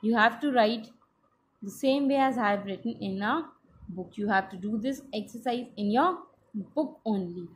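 A woman teacher with an Indian English accent, giving a slow, patient class lesson that spells out each step. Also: on the high side, slight background noise.

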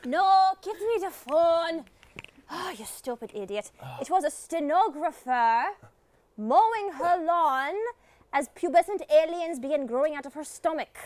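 A woman's voice: high-pitched, lively intonation, measured pace, darkish tone, slight background noise. A woman in an improv comedy scene, bossy and scornful. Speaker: improv performer.

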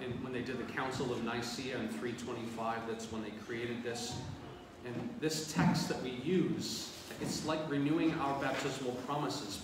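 Man preaching in a cavernous, echoing church. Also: mid-range voice. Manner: conversational, addresses the congregation directly. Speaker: priest. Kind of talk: sermon. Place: large church. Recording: very echoey church, distant mic, background noise.

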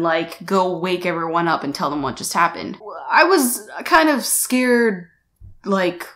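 A woman vlogger speaking straight to the camera at a middling pitch for a woman. Her talk is loose and chatty, packed with "like" and "you know", with the odd casual curse word. She is picked up by a shotgun mic mounted on the camera. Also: a bit bright. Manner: casual swearing.

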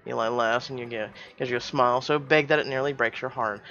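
Casting: a man playing through a story game out loud, animated, exclaiming, muffled track with faint music. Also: mid-range voice, unhurried, clean tone. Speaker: story game player reading aloud. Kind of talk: reading a story game aloud with reactions.

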